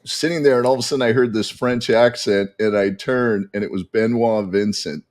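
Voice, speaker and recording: A man as a podcast guest, telling a story in animated casual chat with frequent restarts. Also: on the low side, a little fast.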